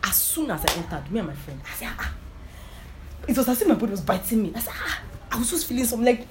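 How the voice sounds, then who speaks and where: A woman preacher with a slightly high, sing-song voice delivers an informal sermon with personal testimony at a rapid-fire pace over background noise. She emphatically repeats herself and keeps asking whether listeners understand.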